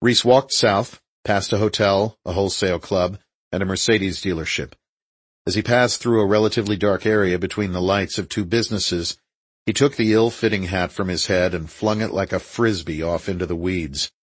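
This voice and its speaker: A man reads a thriller audiobook in steady, measured narration. His voice is very deep with a husky edge. The recording is close and dry, with no room sound around it. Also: no echo, rough recording.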